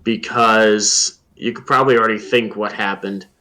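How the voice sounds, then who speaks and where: A man's voice: on the low side, moderate pace. Casual man recounting a race trip. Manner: relaxed storytelling with fillers and quoted asides. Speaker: podcast guest. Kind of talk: casual podcast chat.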